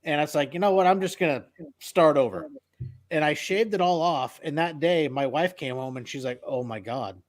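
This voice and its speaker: A man co-hosting a podcast, telling lively stories and swearing freely. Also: on the high side, moderate pace. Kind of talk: casual chat.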